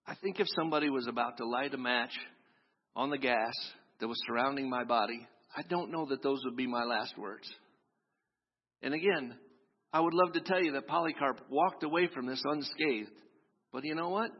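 With a husky, medium-pitched voice and a moderate pace, a pastor preaches by telling a story and acting out what its people say. The sound is dull and lo-fi, recorded in a hall full of echo.

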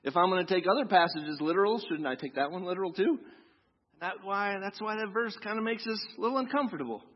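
A man pastor preaching a sermon, talking in a conversational way and asking the congregation with tag questions, and reading scripture slowly. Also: sits high, highs cut off. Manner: reads scripture slowly and deliberately. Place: church sanctuary.

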